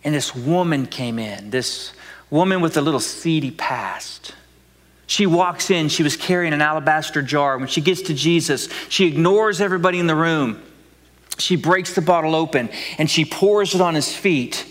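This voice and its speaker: A man's voice: a little high, moderate pace, big-room sound. A man preaching a sermon with dramatic delivery, acting out voices and dropping to whispers for emphasis. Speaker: pastor.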